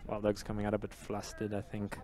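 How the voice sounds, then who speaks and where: A man doing live play-by-play commentary at an outdoor sports match, calling the action in a steady, descriptive way. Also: on the low side, fairly quick.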